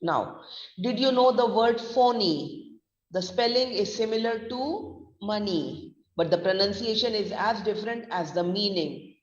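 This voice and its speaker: A woman's voice: mid-range voice, measured pace. A woman with a Gujarati accent teaching a pronunciation class, who spells words out letter by letter and switches into Hindi. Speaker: pronunciation trainer. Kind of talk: online class lecture. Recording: distant, roomy, muffled lo-fi sound.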